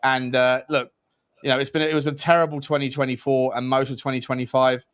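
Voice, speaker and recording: A man's voice: medium pitch, level tone, fairly quick, a bit bright, clear, resonant tone. A man co-hosting a football podcast in casual, laddish chat, often calling his co-host "mate". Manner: chatty, laddish, lots of "mate".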